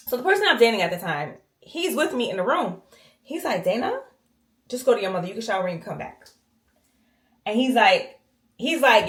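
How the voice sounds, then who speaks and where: Animated woman vlogger in echoey bathroom. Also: fairly high pitch, fairly quick, pauses often. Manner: animated, acts out quoted voices, slangy. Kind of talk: casual storytime while cleaning. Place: home bathroom.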